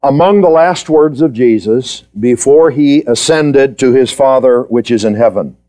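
A man's voice: medium pitch, measured pace, mellow. A man giving a Bible study lecture, quizzing his students and repeating key points for emphasis. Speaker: Bible teacher.

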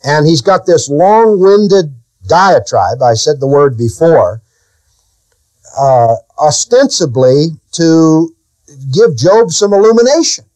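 A man's voice: lively intonation, takes it slowly, a little mellow, no echo. A man preaching a sermon. He asks his listeners questions and swings his voice up and down for emphasis. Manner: preaching with sudden rises and drops in pitch, asking the listeners questions.

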